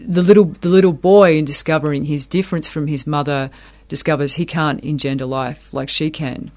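A thoughtful man with a fairly high voice talks through academic ideas in an interview. He circles back and repeats words as he works each point out. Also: fairly even intonation, fairly quick, a little mellow. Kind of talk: explanatory interview talk.

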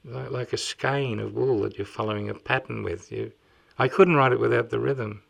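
A man, a writer, reading his own dramatic monologue in a measured, rhythmic way and then discussing it. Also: mid-range voice, fairly even intonation, gravelly, slightly rough.

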